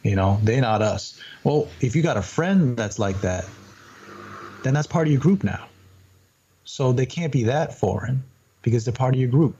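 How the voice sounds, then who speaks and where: Mellow-voiced male host, muffled audio. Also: medium pitch, normal speed, breathy edge. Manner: relaxed and reflective, loosely phrased. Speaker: podcast host. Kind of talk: casual conversational chat. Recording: muffled lo-fi audio with faint hiss.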